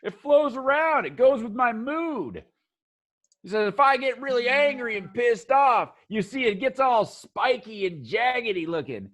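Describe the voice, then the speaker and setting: A man voicing an excitable young male tattoo artist, eager and chatty. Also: very high-pitched, a little slow, pitched above the performer's own voice, exaggerated voice.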